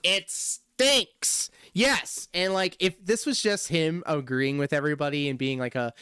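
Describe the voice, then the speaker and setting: A man streaming casual reaction commentary, sarcastic and quick to laugh. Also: fairly high pitch, pushed and bright, smooth, no room sound.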